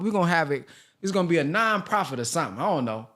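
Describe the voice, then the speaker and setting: A man's voice: on the high side, animated, a little fast, fairly bright tone, no echo, clean studio sound. A man talking casually to his viewers, rambling and heartfelt with lots of fillers. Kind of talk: casual personal talk to viewers.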